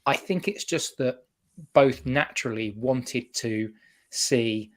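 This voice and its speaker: A man's voice: mid-range voice, slow. A man co-hosting a casual football podcast, rambling and correcting himself as he goes. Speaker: podcast co-host.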